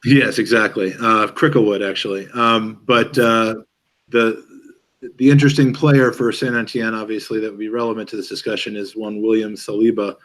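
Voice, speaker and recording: A man hosting a podcast in casual chat, talking in a halting, joking way with many fillers and restarts. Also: on the low side, steady tone, a bit bright. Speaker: podcast host.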